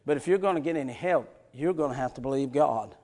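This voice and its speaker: A man preaching a sermon in a church, moving from soft, chuckling asides to impassioned shouting. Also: mid-range voice, quick pace. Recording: long reverb in a large hall.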